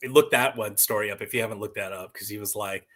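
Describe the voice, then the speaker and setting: A man talking casually to camera during an unboxing, rambling and swearing, with loud bursts of excitement, recorded at home on a camera mic. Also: on the low side, quick pace, rough recording. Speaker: vlogger. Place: someone else's home. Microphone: external mic on camera.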